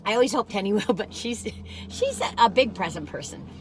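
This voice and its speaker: Giggly, chatty woman with a lively voice. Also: medium pitch, a little fast, a little hiss or hum. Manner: chatty, rambling and digressive; giggly, laughs often. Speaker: food review vlogger. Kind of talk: casual chat.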